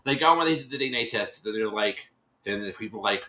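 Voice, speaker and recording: A man's voice: mid-range voice, fairly even intonation, brisk, bright, forceful tone, roomy sound, low-quality recording. A man casually retelling a reality-show episode to his viewers, rambling, restarting his sentences and acting out what people said. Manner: rambling, repeats and restarts, acts out quotes. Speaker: vlogger recapping a reality show.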